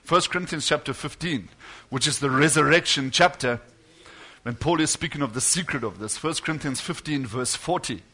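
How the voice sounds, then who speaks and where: Man in the pulpit, high and bright, preaches with fervor and acts out quotes. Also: normal speed, slightly rough. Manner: fervent preaching, retelling stories with acted quotes. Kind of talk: sermon.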